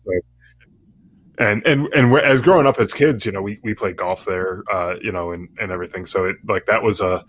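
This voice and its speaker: A man with a very low voice talks haltingly and casually, stopping and restarting often. The sound is dry and close. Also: fairly bright tone, dry recording. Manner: halting, with many fillers and restarts. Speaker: podcast guest. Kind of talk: casual conversation.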